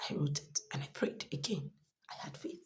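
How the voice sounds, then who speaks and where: A woman with a Nigerian accent giving an earnest personal testimony, emphatic at times and sometimes dropping to a soft near-whisper. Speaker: student sharing her story.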